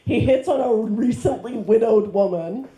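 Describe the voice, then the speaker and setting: A woman's voice: fairly high pitch, moderate pace, warm tone. A woman performing a stand-up set, rambling with fillers and self-deprecating jokes, on a handheld mic in a comedy club. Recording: roomy club sound.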